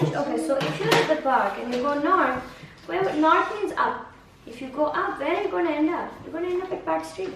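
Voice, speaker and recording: A patient woman teacher coaxing a young student through a map lesson, repeating questions and giving praise. Her voice sits high. She is heard from a distance in a very echoey room with faint background hiss. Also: expressive, normal speed, few pauses. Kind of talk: one-on-one map-reading lesson.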